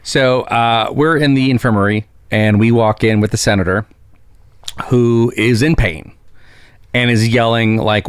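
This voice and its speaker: A man's voice: mid-range voice, fairly even intonation, a little slow, clean tone, no echo, studio quality. A man co-hosting a casual chat, retelling scenes and quoting characters as he goes. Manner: retells scenes with quoted voices. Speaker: podcast co-host.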